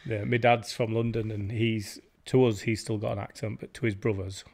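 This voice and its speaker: A man's voice: on the low side, flat delivery, normal speed, gravelly, darkish tone. A man hosting a podcast, asking curious, easygoing questions and laughing along with his guest. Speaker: podcast host. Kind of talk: casual conversational interview.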